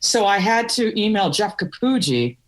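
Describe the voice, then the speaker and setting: A woman's voice: mid-range voice, very animated, normal speed. A middle-aged woman from Wisconsin, a podcast guest telling candid stories with laughs. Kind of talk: storytelling interview.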